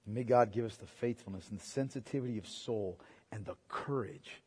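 A man preaching a sermon as pastor, rising to loud emphatic peaks and dropping to quiet asides, repeating phrases for emphasis. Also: a little fast, slightly rough. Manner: swings from quiet, low asides to loud, high emphatic climaxes.

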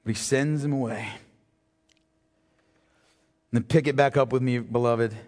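A man preaching a sermon as pastor, swinging from hushed reading to shouted emphasis. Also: medium pitch, fairly even intonation, a little slow. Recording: hall reverb.

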